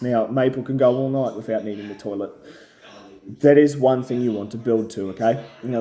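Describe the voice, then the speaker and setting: Laid-back dog trainer, mellow voice. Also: male voice, medium pitch. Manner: plain-spoken, repeats "okay?" to check in. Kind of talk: casual instructional talk.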